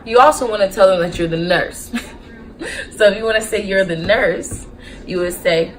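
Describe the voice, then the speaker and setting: A young adult woman, a nurse, hosting a casual teaching vlog in an upbeat, lively way, slowing down to model phrases. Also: lowish voice, poor audio. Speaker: nurse and YouTube host.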